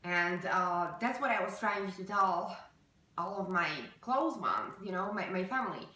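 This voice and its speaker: A woman speaks to her viewers in a personal vlog, earnest and emotional, halting on fillers and restarts. Her voice is bright and forceful. She sits away from the mic in a very echoey room. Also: mid-range voice, lively intonation, far from the mic. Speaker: vlogger. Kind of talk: personal vlog talk to camera.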